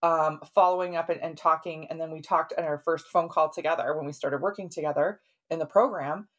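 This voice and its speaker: A middle-aged woman talks through a client's story in a relaxed podcast monologue. Her voice sits a little low for a woman. She keeps checking in with the listener by ending her sentences with a quick "right?". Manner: conversational, often tags sentences with "right?". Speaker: podcast host and health practitioner.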